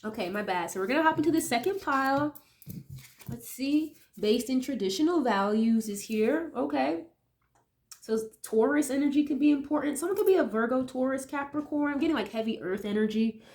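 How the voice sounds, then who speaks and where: A woman's voice: high voice, expressive, a little fast, a little mellow. A woman with a nasal voice from a cold, chatting casually as she reads tarot cards for viewers, thinking aloud with many tag questions. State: getting over a cold. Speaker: tarot reader.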